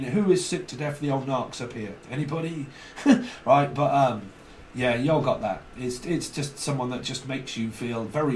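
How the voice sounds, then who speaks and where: A man giving a rambling, repetitive solo tarot reading, with digressions and joking asides. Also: mid-range voice. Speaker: tarot reader. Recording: roomy, distant mic, faint hiss.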